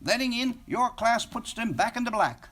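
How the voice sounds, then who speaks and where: A man's voice: very high voice, lively intonation, normal speed, a bit bright, pitched above the performer's own voice, heavily acted. A man voicing a bookish teenage boy who explains things plainly, in a story reading. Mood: matter-of-fact. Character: bookish teenage boy, matter-of-fact know-it-all.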